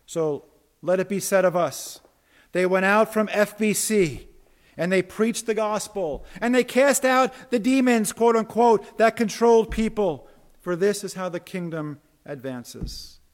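A man with a fairly high voice delivers a sermon from the pulpit. He preaches emphatically, rising to loud declarations and dropping to quiet asides. He repeats a word now and then as he restarts a thought. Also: a little slow. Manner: repeats words when restarting. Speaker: pastor.

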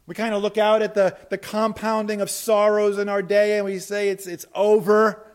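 A man preaching a sermon from the pulpit, his voice sitting high for a man. He delivers with animated energy, acting out quoted lines in bursts and dropping to soft, hushed emphasis. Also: normal speed, clean tone. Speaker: pastor.

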